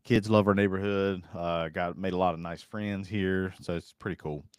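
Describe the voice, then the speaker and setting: A man's voice: low voice, steady tone, moderate pace, clear, resonant tone, dry recording, clean studio sound. A man hosting a casual live stream, rambling in a folksy way and reading viewer comments aloud. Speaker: host.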